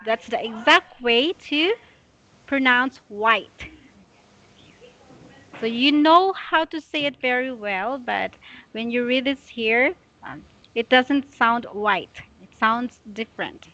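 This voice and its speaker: A woman tutoring English one-on-one, patiently and slowly correcting a student's pronunciation. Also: fairly high pitch, animated, sharp tone. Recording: dull lo-fi audio.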